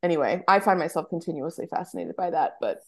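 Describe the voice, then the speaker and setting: A woman's voice: on the low side, lively intonation, fast, a little mellow. An American woman co-hosting a casual TV rewatch podcast, rambling with many fillers and restarts. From United States. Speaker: podcast co-host. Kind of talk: casual chat.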